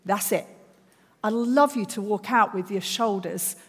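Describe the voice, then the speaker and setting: A woman preaches earnestly at a church service, building her points through repeated phrases. Her voice is medium-pitched and husky at a measured pace, with a long reverb tail.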